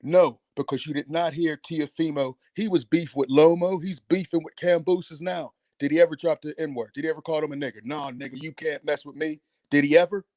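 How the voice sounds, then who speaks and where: A man's voice: a little high, fairly even intonation, fairly quick, few pauses, darkish tone, no room sound. A man calling in to a talk show, ranting in a heated, emphatic and profane way. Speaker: caller. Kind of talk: call-in radio rant.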